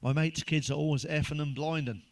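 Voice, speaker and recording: Here a middle-aged man delivers crude stand-up jokes a little fast, his slightly high voice keeping a fairly even intonation. He's blunt, swears nonstop, and puts on character voices within the jokes.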